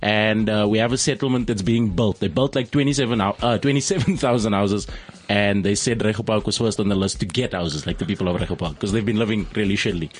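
A man's voice: on the low side, quick pace, hardly any pauses, breathy edge. A man co-hosting a radio show, chatting casually, swearing freely and laughing often. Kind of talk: casual studio banter.

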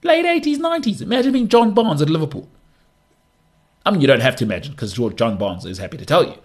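On his sports talk show, a podcast host delivers a solo rant, emphatic and exasperated, repeating words for stress. His voice is a little high and very animated, at a quick pace.

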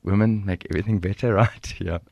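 A South African man in his forties telling a personal story as a podcast guest, animated, acting out dialogue and laughing often. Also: on the low side, quick pace, gravelly, no echo, muffled recording. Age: 40s. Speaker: guest speaker. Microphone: studio microphone.

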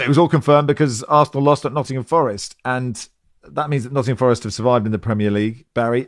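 A man's voice: fairly low pitch, dry recording, studio quality. Chatty male podcast host. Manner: chatty, lightly joking. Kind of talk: casual podcast chat.

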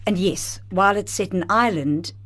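A woman's voice: mid-range voice, normal speed. A woman theatre director guesting on a radio interview in a studio, speaking with enthusiasm and expression. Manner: enthusiastic, expressive, laughs often. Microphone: studio microphone.

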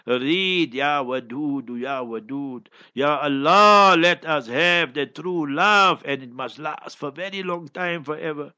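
A man's voice: fairly high pitch, pushed and bright. A man giving an impassioned preaching Q&A as an Islamic scholar, chanting Arabic verses between fiery remarks. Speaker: Islamic scholar answering questions. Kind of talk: preaching Q&A talk. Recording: dull lo-fi recording.

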